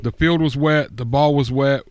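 A man's voice: mid-range voice, fairly even intonation, normal speed, no echo. A man co-hosting a casual sports podcast, rambling in an exasperated, profane way. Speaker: podcast co-host. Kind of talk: casual fantasy football chat.

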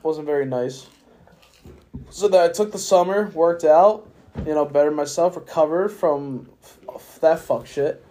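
A man's voice: fairly high pitch, measured pace, mellow. A drunk young man rambling through a profane story on a casual podcast. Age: young adult. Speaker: podcast host. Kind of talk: casual chat.

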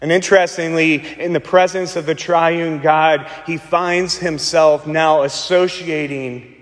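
A man preaching a sermon as pastor, slowing and repeating words for emphasis, with dramatic pauses. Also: on the high side, steady tone, long reverb tail.

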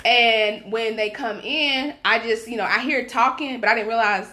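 A young woman telling a wild night-out story in casual podcast chat, animated and profane, acting out the people she quotes. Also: on the high side, normal speed. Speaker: podcast co-host.

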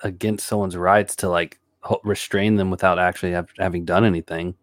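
Low-voiced man in relaxed chat. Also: a little fast, no echo, clean studio sound. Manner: laid-back, agreeable, chuckles along. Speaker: podcast co-host. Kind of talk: casual chat.

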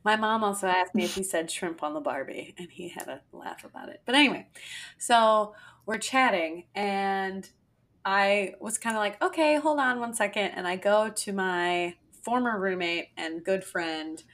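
A woman's voice: mid-range voice, unhurried, fairly bright tone. A woman in her twenties, co-hosting a podcast, telling a dating story in casual chat, swearing freely and laughing often. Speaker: podcast co-host.

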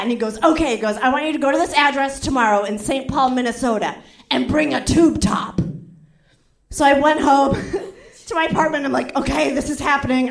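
Young woman, stand-up comedian, high voice, chatty and animated, echoey venue. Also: gravelly. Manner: animated, acts out quotes with voices, frequent "like". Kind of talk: stand-up storytelling.

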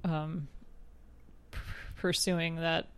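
A man's voice: on the high side, level tone, drawn-out words, fairly bright tone, clear, resonant tone. A man co-hosting a podcast in casual chat, thinking aloud with fillers and laughing often. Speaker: podcast co-host.

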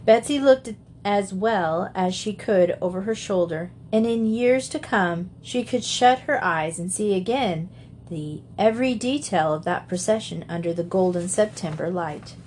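A woman narrating a classic children's novel in a steady, measured reading voice. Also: mid-range voice, a little hiss or hum. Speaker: audiobook narrator. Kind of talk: storybook narration.

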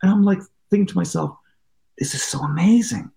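Journalist guy on a podcast, kinda high and gravelly, rambly self-deprecating storyteller. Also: a little fast, mellow. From United States. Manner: rambling anecdotes, curious, self-deprecating, acts out quotes. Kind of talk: casual interview talk.

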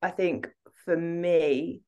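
A woman's voice: fairly low pitch, fairly even intonation, drawn-out words, dark tone. A woman co-hosting a coaching podcast, speaking candidly and laughing easily. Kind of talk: casual podcast chat.

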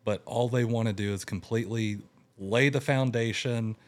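A man's voice: mid-range voice, moderate pace. A young man in casual conversation, telling a long personal story and acting out what people said. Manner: animated, acts out quotes in raised voice. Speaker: guest telling his story.

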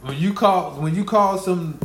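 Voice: medium pitch, a little slow. A person in casual conversation who teases, argues back, and cuts in to make their point. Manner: teasing, argumentative, interrupts. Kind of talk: casual chat. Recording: echoey room with faint background noise.

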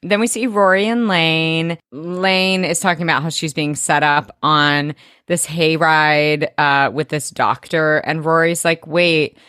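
A woman's voice: low-pitched, fairly even intonation, unhurried, a bit bright, clean tone, no room sound, clean studio sound. A woman co-hosting a podcast, chatting playfully about a TV episode, breaking into sung snippets and casual swearing. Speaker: podcast co-host. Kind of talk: casual chat recapping a TV episode.

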